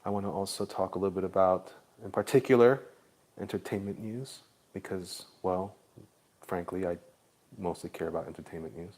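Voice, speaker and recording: A man's voice: low voice, steady tone, moderate pace, darkish tone. A man in Florida chatting casually with viewers on a livestream while he draws, laid-back and jokey. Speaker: livestream artist.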